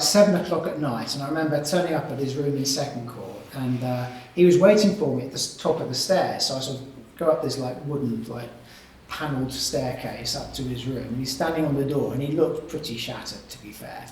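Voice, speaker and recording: A male author reading a ghost story aloud at a live event, measured in the narration and chatty with fillers in his asides. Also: fairly high pitch, darkish tone, recorded from a distance, slight background noise. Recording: echoey room, mic from afar.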